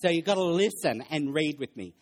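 A middle-aged male pastor giving a lively sermon in a church hall, joking and putting questions to the congregation. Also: on the high side, brisk. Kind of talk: interactive sermon.

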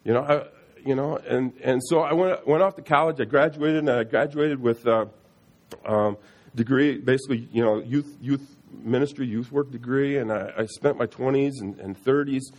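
A middle-aged man sharing a personal faith testimony in an earnest, halting way, often restarting and repeating words. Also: mid-range voice.

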